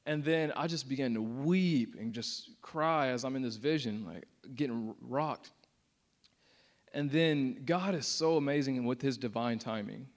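A man's voice: medium pitch, a little slow. A young man giving a casual, earnest testimony to a church audience, with many fillers. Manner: casual and earnest, many "like" fillers, acts out quotes with rising intensity. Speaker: speaker sharing a testimony.

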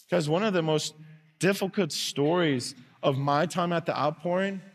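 A man preaching a sermon as pastor, earnest, dropping to soft tones and rising to loud calls. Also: a little high, normal speed. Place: church sanctuary. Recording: long reverb of a large hall.

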